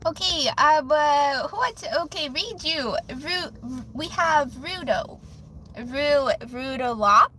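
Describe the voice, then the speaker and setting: A woman's voice: sits high, slow, a bit bright, a little hiss or hum. A woman hosting a livestream with card readings, chatting casually and rambling emotionally straight to her viewers.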